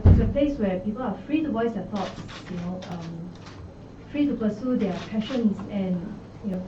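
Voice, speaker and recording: A Singaporean woman speaks earnestly as a new candidate, stumbling through ums and restarts. Her voice comes from far off in an echoey office, muffled and set against clear background noise. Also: medium pitch. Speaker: election candidate. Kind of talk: brief press conference statement. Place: party office. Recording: echoey, muffled, from a distant mic.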